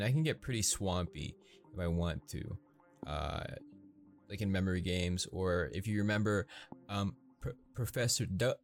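A man from the Midwest with a Midwestern American accent, rambling casually as a podcast host, halting with many restarts and frequent laughs. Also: sits low.

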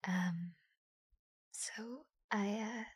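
A woman's voice: medium pitch, slightly rough, no room sound, studio quality, exaggerated voice. A woman playing a shy young girl confessing love, whispered role-play. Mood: bashful. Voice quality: soft whispery voice. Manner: nervous, halting, giggly.

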